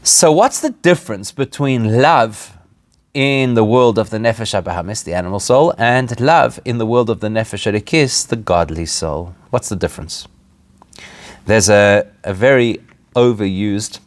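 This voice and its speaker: A rabbi teaching his weekly class speaks in a lowish, animated voice at normal speed, with no echo. The lesson is informal, full of rhetorical questions, and he laughs at his own points.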